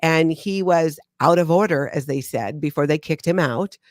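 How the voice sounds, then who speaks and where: A woman co-hosting a casual chat, reading reviews aloud in an animated, self-mocking way with frequent laughs. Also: low-pitched, normal speed, dry recording, studio quality. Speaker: co-host, former member discussing the church.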